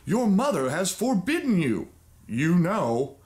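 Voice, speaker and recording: A man's voice: high voice, big pitch swings, slow, darkish tone, voice pushed up, full character voice. A man voicing two fussy pet cats from a storybook who meow and scold a girl. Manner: meowing warnings.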